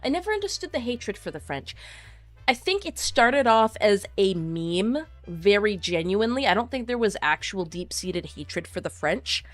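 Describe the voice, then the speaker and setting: A woman streamer in casual chat reading viewer comments, animated and opinionated, with lots of fillers. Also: mid-range voice, moderate pace, faint music behind.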